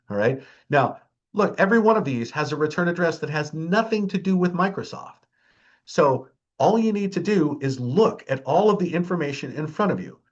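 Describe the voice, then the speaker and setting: A man with a mid-range voice, heard in lo-fi sound, presents a security awareness training. He's chatty and emphatic, keeps checking in with his audience, and wryly mocks scams with dry humor.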